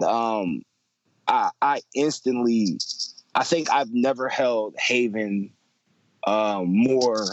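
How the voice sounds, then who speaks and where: A man's voice: medium pitch, dry recording, muffled recording. Man telling a story in a very dry room. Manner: conversational, with many fillers, repeats and slang. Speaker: father telling a personal story. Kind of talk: casual personal storytelling.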